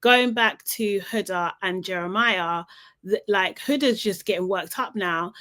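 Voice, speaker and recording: A young woman in a casual, gossipy vlog recap, talking in a chatty, animated way full of "like" and "you know". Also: medium pitch, unhurried. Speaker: reality TV recap vlogger.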